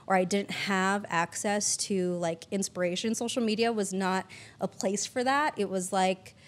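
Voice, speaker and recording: A woman's voice: mid-range voice, steady tone, normal speed. A woman producer chatting casually as a podcast guest, peppering her talk with "like" and the odd swear. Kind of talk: casual interview chat.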